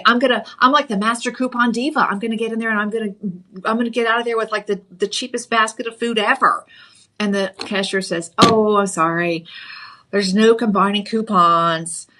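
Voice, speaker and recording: A middle-aged woman hosting a live home shopping show, giving a chatty, playful sales pitch and calling viewers honey. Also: bright, forceful tone. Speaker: shopping channel host.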